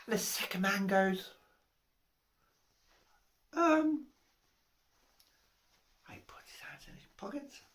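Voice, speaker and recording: A woman's voice: medium pitch, expressive, a little fast, hardly any pauses, a bit bright, in a whisper. A woman giving a comic Christmas speech, telling a rambling joke and giggling at her own lines. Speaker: comic storyteller.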